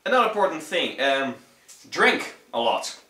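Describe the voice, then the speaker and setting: A young man with a Dutch accent talks through a casual how-to in loose, swearing, easygoing English. His voice is bright and forward, though he sits back from the mic in an echoey room. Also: fairly high pitch, big pitch swings, moderate pace, far from the mic. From Netherlands. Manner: rambling, profane, laid-back. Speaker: vocal tutorial vlogger.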